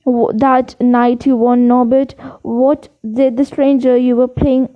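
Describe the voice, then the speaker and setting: Storybook read-aloud: a worried, pressing teenage boy wizard, read by a woman, high-pitched. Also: flat delivery, a little slow, dry recording. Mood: urgent. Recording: dull lo-fi recording.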